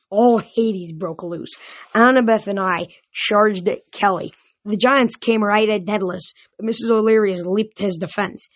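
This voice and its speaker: A woman reading a novel aloud, stumbling now and then and restarting words. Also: medium pitch. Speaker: reader.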